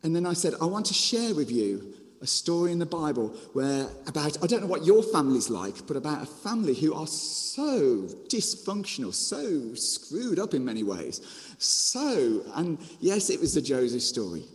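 High-voiced Birmingham preacher in a big reverberant hall. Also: male voice, normal speed. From Birmingham, England. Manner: lively storyteller with frequent restarts and asides. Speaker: preacher and children's ministry author. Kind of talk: storytelling sermon.

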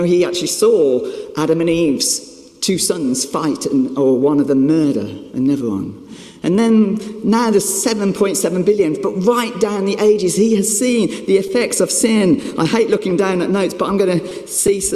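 A man's voice: fairly high pitch, darkish tone. A man preaching a sermon, telling a self-mocking story in an emphatic way. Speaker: pastor. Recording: echoey hall with long reverb.

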